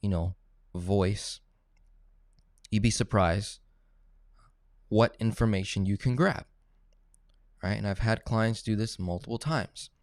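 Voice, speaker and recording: A man's voice: fairly low pitch, slow, pauses often, darkish tone, no room sound, clean studio sound. A man teaching personal finance in a casual coaching tone, often checking in with "right?" and "okay?". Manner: coaching, tag questions like "right?" and "okay?", acts out phone calls. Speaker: finance educator.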